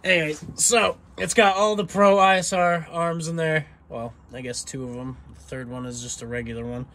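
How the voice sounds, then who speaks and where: A man's voice: fairly high pitch, steady tone, moderate pace, bright, forceful tone. Casual swearing man in a noisy garage. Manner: casual, swears, rambling with fillers. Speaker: garage vlogger. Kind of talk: casual walkaround chat. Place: small home garage.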